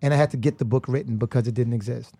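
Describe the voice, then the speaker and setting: A young man on a podcast, telling animated stories in casual chat and acting out the voices of people in them. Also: medium pitch, racing, breathy edge. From United States. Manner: animated storyteller who acts out voices. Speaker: podcast guest.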